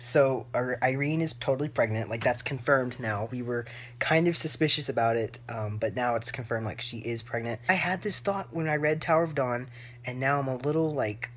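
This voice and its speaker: A woman's voice: very deep voice, a little fast, slightly rough. Gushing, teary woman book vlogger. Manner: emotional, gushing, many "like" fillers. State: close to tears. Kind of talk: live reading reactions.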